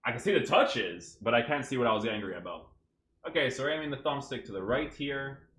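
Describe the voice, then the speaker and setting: A man's voice: mid-range voice, lively intonation, brisk, a bit bright. A man commentating his own gameplay clips, exasperated and ranting, often checking in with "right?". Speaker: gaming YouTuber reviewing his own clips. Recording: echoey room.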